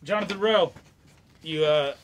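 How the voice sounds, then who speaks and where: A man's voice: a little high, measured pace, a little hiss or hum. A man co-hosting a live autograph show, laughing and ribbing the guest in casual banter.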